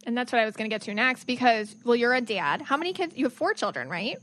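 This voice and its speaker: A woman's voice: a little high, expressive, fast, fairly bright tone, a little hiss or hum, rough recording. A woman hosting a podcast in casual conversation, chatty and affirming. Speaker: podcast host.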